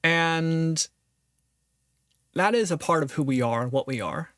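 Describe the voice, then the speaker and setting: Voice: medium pitch, slow, a bit bright, no room sound, studio quality. A podcast host giving earnest, reflective solo commentary on a philosophy text, thinking aloud and restarting phrases often.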